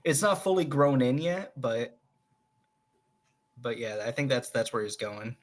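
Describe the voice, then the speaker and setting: A man's voice: mid-range voice, animated, unhurried. A man playing a tabletop role-playing game, chatting casually about his character and laughing often. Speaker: tabletop player voicing a hobbit character. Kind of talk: casual role-play chat.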